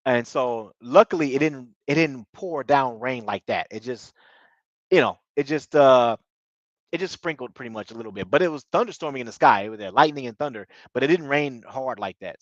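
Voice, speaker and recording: A man's voice: medium pitch, dry recording. A man giving a casual, rambling recap of a TV episode, repeating himself and leaning on fillers like "you know what I mean". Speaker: TV show reviewer. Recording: dull lo-fi dry recording.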